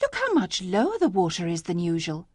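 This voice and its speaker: A woman reading a story aloud, voicing a gentle, hopeful young village girl who speaks earnestly. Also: medium pitch, sing-song, unhurried, no room sound, clean studio sound, pitched above the performer's own voice.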